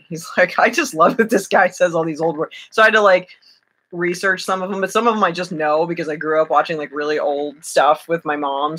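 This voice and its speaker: A woman's voice: deep voice, a bit bright. A woman chatting on a live stream from home, giggly and rambling, with many fillers and restarts. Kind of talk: casual live-stream chat.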